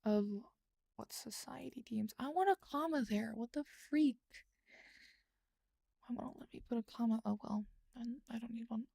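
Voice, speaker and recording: A young woman streams from a small room at home, talking casually while she types and rambling to herself. Her voice is gravelly and dark in tone, close and dry on the mic, and often sinks into a mumbled whisper. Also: fairly high pitch, normal speed, dry recording. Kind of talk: casual live-stream chat while writing.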